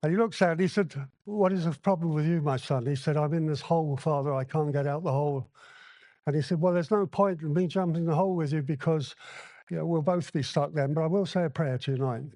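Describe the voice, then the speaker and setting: A man with a fairly high voice tells his recovery story with blunt candor, slipping into the voices of the people in it. The sound is close and dry, with little room around it. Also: a little fast, mellow, no room sound. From Hong Kong. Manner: blunt, candid storytelling with acted-out dialogue. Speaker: recovery meeting speaker. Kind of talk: personal recovery share at a convention. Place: convention hall.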